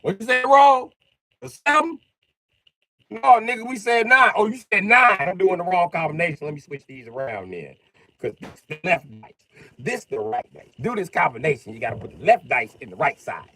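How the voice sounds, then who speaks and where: A man voicing a cocky old male dice hustler who shows off his tricks loudly and boastfully. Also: mid-range voice, very animated, brisk, distant mic, pitched above the performer's own voice.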